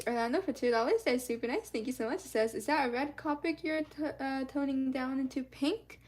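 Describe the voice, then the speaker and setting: A woman's voice: high voice, moderate pace, darkish tone. A woman streaming live as she colors, chatting in a rambling, casual way and thanking her viewers often.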